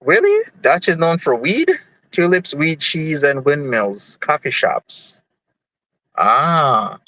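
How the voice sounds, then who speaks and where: A man's voice: on the high side, takes it slowly, pushed and bright, no room sound, low-quality recording. A young man from Jamaica hosting a livestream, chatting casually and reading chat messages in a rambling, easygoing way. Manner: rambling, easygoing, many fillers. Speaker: livestream host.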